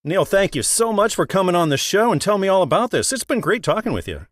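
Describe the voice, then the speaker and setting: A man's voice: high-pitched, very animated, quick pace, no echo, studio quality. A man hosting a book interview show, upbeat and reading out book details. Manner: enthusiastic, reads book details. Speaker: interview host.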